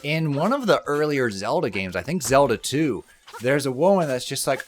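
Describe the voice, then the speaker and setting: Animated man chatting over gameplay. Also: medium pitch, moderate pace, soft background music. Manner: animated, laughs often, slips into playful voices. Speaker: let's play co-host. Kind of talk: casual gameplay chat.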